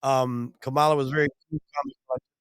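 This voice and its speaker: A man's voice: mid-range voice, flat delivery, a little fast, clear, resonant tone, no room sound, clean studio sound. A man hosting a podcast, giving blunt, profane opinions in casual talk. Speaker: host.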